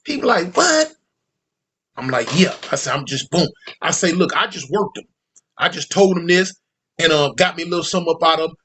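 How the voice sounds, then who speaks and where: A man's voice: a little high, fairly quick, slightly rough. A man telling a prison story in casual slang, acting out the people he quotes. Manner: slangy, animated, acts out quoted voices. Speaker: storyteller recounting prison life.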